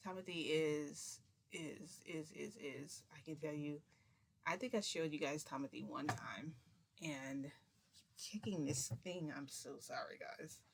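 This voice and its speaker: Gravelly-voiced woman rambling through a story. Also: low-pitched, a little slow, slight background noise. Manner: rambling, chatty storytelling with many restarts. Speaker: vlogger. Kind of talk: casual story time.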